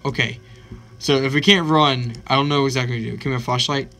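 A man hosting a let's play of a horror game, excitable and swearing constantly, yelping at scares. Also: mid-range voice, fast talker, soft background music. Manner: excitable, swears constantly, yelps when startled. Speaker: gaming channel host.

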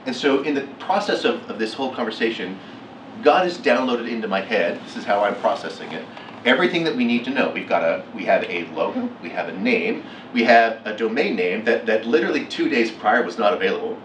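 A middle-aged man giving a keynote talk, telling a story with lively acted-out quotes. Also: fairly low pitch, a little fast, slight background noise. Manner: animated, acts out quotes with laughs. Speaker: keynote speaker. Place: lecture hall. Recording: echoey hall from far off.

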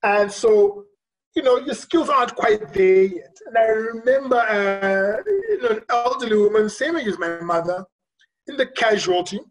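A physician giving a virtual conference talk, recounting a personal story in a reflective, earnest way with frequent pauses. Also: medium pitch, animated, rough recording. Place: remote recording for a virtual conference.

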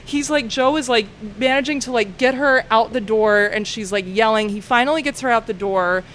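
A woman's voice: a little high, moderate pace, fairly bright tone, slight background noise. A young woman, a comedian and bartender, telling a rambling story in casual podcast chat, full of "like" and swearing. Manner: rambling, heavy use of "like", swears freely.

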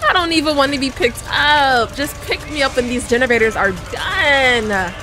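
With a high voice and a normal pace, this female gaming YouTuber narrates her play to viewers while game music runs underneath. Her casual commentary is punctuated by over-the-top mock outrage.

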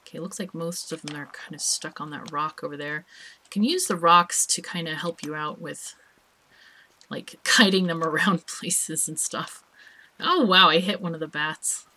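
A woman's voice: low voice, moderate pace, pushed and bright. A woman hosting a let's play, chatting casually and thinking aloud as she plays, with small laughs. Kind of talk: casual gameplay commentary.

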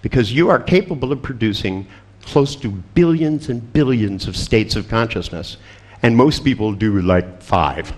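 A man's voice: mid-range voice, lively intonation, moderate pace. Blunt, profane seminar storyteller man. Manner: blunt and profane, acting out client exchanges; wry, laughs at his own stories. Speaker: seminar presenter on therapy and coaching. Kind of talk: storytelling seminar talk to a live audience.

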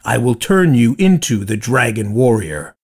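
A man putting on a stern older male kung fu master, firm and commanding. His husky voice moves with lively rises and falls, unhurried and weighty, as in a storybook read-aloud. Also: medium pitch, heavily acted.

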